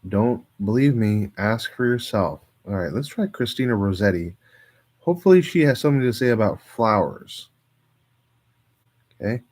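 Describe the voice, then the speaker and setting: A man's voice: fairly low pitch, animated, normal speed, darkish tone. A man on a solo stream, reading poems aloud with wry, self-mocking asides that sometimes drop to near-whispers.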